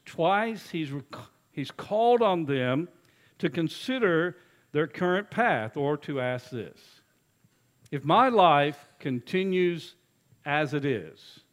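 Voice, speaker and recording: Preacher man, a bit high-voiced, folksy stories, goes loud then drops way quiet. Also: expressive, a little slow. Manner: folksy storytelling preacher, swings between loud urging and quiet low asides. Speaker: executive pastor. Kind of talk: sermon.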